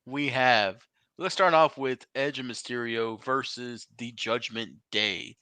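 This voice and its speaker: A man's voice: medium pitch, slow pace, bright, forceful tone, smooth, no room sound. A man co-hosting a casual wrestling podcast, rambling and joking, swearing freely. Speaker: podcast co-host.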